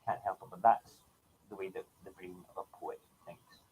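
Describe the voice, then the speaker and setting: A middle-aged man hosts an easygoing morning livestream, rambling along with plenty of ums and restarts. His voice sits low and relaxed, with a faint hiss of background noise. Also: moderate pace, poor audio. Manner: chatty and rambling, full of fillers. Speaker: host of a morning livestream show. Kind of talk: casual morning chat.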